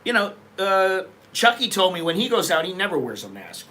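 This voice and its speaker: A man's voice: sits high, big pitch swings, moderate pace, sharp tone. A middle-aged American man hosting a casual, rambling chat, talking frankly and loosely. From United States. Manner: digressive, loose, frank talk with frequent restarts. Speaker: host.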